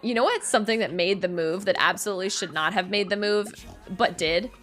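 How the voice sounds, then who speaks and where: A woman's voice: medium pitch, fairly quick, over music. A young adult woman streaming a cozy game, chatting casually and telling a story with giggles and self-mocking asides. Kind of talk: casual chat while gaming on stream.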